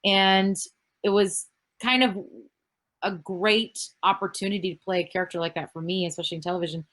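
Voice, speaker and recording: A woman's voice: mid-range voice, steady tone, a little fast, fairly bright tone. A woman in her thirties from Canada, an actress answering fan questions in a casual virtual panel over a video call, rambling with lots of fillers and the odd swear word.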